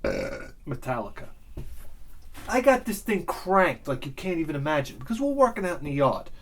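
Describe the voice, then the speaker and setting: A man talking in a rambling, excitable monologue about music, swearing freely and swinging between loud bursts and low muttering. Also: a little fast. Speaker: music and audio vlogger.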